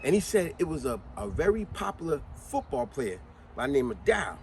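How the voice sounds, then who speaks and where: A man's voice: on the high side, big pitch swings, moderate pace, a little mellow. Man, casual motivational rant, faint vehicle noise behind. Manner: conversational, emphatic, repeats questions to the listener. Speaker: motivational speaker. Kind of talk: motivational monologue.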